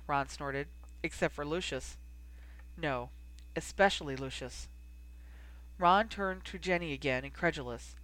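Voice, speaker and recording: A woman reading a fan fiction story aloud, giving the characters lively dialogue. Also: low voice, normal speed, no room sound. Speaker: audiobook reader. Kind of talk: fan fiction audiobook narration.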